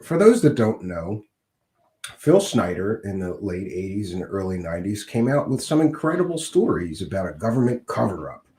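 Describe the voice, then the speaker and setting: A middle-aged man hosting a podcast, hoarse and scratchy from a cold, talking casually with many fillers. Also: deep voice, very animated, moderate pace, mellow, echoey room. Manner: conversational, with frequent uh and um fillers. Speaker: podcast host.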